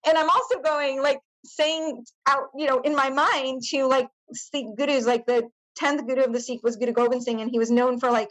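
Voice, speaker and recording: A middle-aged woman, a podcast guest, recounting a painful personal memory in a halting way, with many fillers and restarts. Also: sits high, a bit bright, low-quality recording. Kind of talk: personal testimony in interview.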